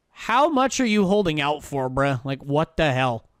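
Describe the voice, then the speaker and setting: Guy streaming a baseball game, higher voice, smooth and clear, dry close mic, cussing and thinking out loud. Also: expressive, normal speed, no room sound. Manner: swears freely, mutters and thinks aloud. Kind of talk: casual live-stream commentary.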